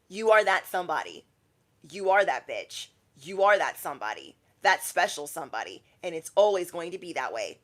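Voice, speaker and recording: A woman's voice: mid-range voice, a bit bright. A young adult woman, a tarot reader, talking casually on a livestream and acting out quoted people in shifting voices.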